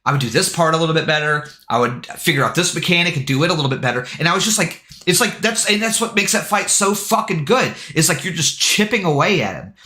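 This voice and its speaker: A man streaming live, telling a story in an excitable way, full of swearing and filler words. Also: fairly high pitch, fast, few pauses. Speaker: game streamer. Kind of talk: casual livestream storytelling. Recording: echoey room.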